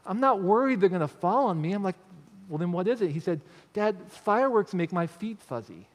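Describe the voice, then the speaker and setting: A man's voice: high-pitched, in a large hall. A man giving a motivational stage talk on creativity, telling stories and often checking in with the audience with tag questions. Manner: storytelling, with frequent tag questions. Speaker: speaker on creativity.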